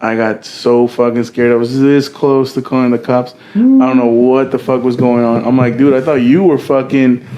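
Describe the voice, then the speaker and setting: A man's voice: mid-range voice, fairly even intonation, moderate pace, dark tone, highs cut off. A young man co-hosting a podcast, telling a story among friends in a casual, profane, slangy way and acting out the quoted dialogue. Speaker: podcast co-host.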